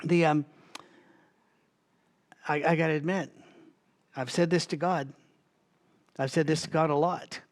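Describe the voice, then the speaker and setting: A man's voice: on the high side, steady tone, a little slow, long pauses. A man leading a Bible study in a conversational teaching style, thinking aloud with asides and restarts, and coughing now and then. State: has a recurring cough.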